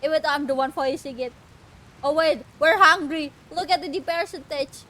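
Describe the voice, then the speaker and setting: A woman's voice: sits high, steady tone, normal speed, pushed and bright. A woman streamer chatting casually and giggly while playing a game.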